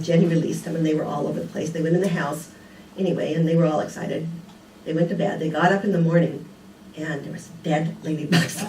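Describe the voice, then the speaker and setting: An older woman delivers a relaxed, conversational sermon, telling homely stories and asking her listeners rhetorical questions. She stands some distance from the mic, and her voice carries the echo of a large room, with a faint hum of ambience underneath. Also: low-pitched. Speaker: speaker at a spiritual community. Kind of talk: casual sermon. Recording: echoey room, picked up from a distance.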